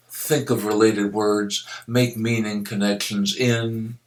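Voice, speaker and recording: An older man explaining a vocabulary activity to students and teachers in a slow, deliberate teaching manner, spelling out letters as he goes. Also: on the low side, level tone. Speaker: literacy educator. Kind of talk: instructional video narration.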